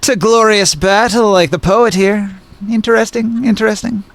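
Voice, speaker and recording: A woman's voice: mid-range voice, normal speed, pitched above the performer's own voice, lightly acted. A man voicing a woman who speaks with a thick drawl in a tabletop role-playing game. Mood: curious. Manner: drawling, folksy.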